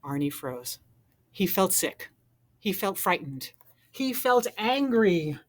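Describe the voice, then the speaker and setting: Animated woman reading a picture book. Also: medium pitch, takes it slowly. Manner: expressive, animated narration. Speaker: storybook reader.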